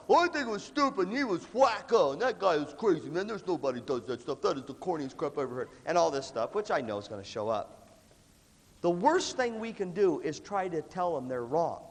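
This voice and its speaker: In a large hall before a big student audience, a high-pitched motivational speaker gives a conversational live talk, acting out the students he quotes. He coughs repeatedly, and the room adds a long reverb.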